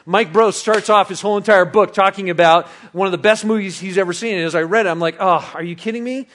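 A man preaching a sermon, bantering playfully with the congregation, then turning soft and reflective. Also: high voice, fairly even intonation, fast. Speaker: pastor.

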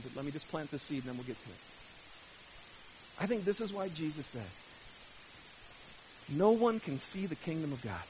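High-voiced, emphatic man preaching. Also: poor audio. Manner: emphatic, swings from loud outbursts to hushed lines. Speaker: pastor. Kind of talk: sermon. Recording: faint hiss.

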